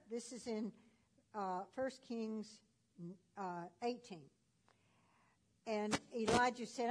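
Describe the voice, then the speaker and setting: A woman's voice: fairly high pitch, steady tone, slow, pauses often. A woman retelling a Bible story in a folksy, conversational way with casual fillers.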